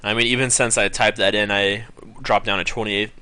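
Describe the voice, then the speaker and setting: A man's voice: fairly low pitch, flat delivery, a little fast, sharp tone, clean tone. A young man giving casual live-stream commentary on poker, rambling with many ums and correcting himself as he goes. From California.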